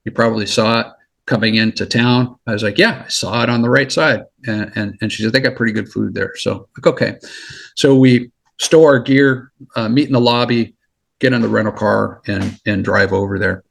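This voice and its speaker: A middle-aged man, a former federal agent, telling stories as a guest in a casual interview, animated and laughing often, with stumbles and repeated words. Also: on the low side, normal speed, vocal fry. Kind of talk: casual storytelling.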